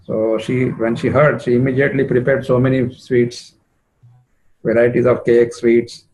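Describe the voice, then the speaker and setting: A man's voice: mid-range voice, level tone, moderate pace, darkish tone, slight background noise, low-quality recording. A man retelling a devotional story as a preacher, conversational with frequent fillers. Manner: conversational, many "you know" fillers.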